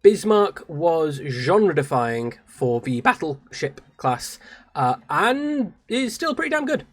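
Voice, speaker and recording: Chatty British streamer, lively pitch. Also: slow pace, faint music behind. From Britain. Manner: chatty, self-mocking, laughs often. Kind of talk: live game stream with read-aloud voices.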